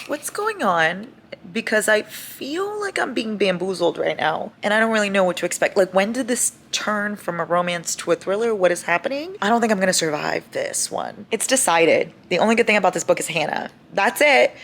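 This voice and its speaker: A young woman vlogging about her reading, chatty and animated, swearing freely as she rants. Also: medium pitch, a little fast, slight background noise. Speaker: book vlogger. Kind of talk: casual reading vlog chat.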